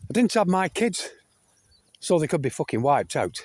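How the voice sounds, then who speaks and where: Very animated and fairly high-pitched, an older British man launches into a profanity-heavy rant to camera at a moderate pace, with no echo on the recording. The video blogger keeps saying "folks," repeats himself and restarts for emphasis.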